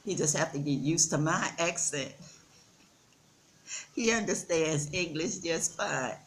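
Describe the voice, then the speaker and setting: A woman's voice: sits low, lively intonation, slight background noise. A woman in her sixties with a Texan accent, chatting earnestly to her viewers in a casual vlog. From Texas. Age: 60s. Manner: slow, earnest, addresses viewers as y'all. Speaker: vlogger. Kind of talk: casual chat. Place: outdoors in the Gambia.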